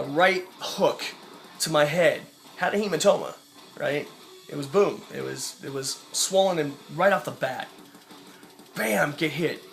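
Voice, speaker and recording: A man vlogging, telling a story from his job as a mail carrier in a casual, profane, animated way. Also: fairly high pitch, gravelly.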